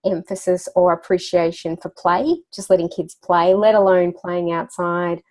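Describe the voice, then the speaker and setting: A woman's voice: lowish voice, normal speed, a little mellow. A woman guest in a casual interview, talking as a children's wellbeing coach with a chatty storyteller's manner, laughing now and then and using lots of fillers. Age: adult parent.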